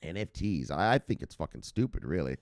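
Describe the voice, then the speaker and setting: A man's voice: low voice, very animated, brisk, no echo, clean studio sound. A man hosting a crypto news show, reading articles aloud and riffing on them in a profane, rambling way. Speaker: crypto news channel host.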